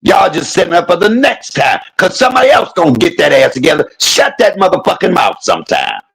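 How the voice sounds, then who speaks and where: A man in his fifties rants to his viewers in a gravelly voice. His pitch swings widely and his words come out husky, heated and full of curses, and he hammers the same points again and again. The sound is close and dry. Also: fairly bright tone, dry recording, poor audio. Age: 50s. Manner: heated, cursing, repeats points for emphasis. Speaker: vlogger. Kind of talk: angry profane rant to camera.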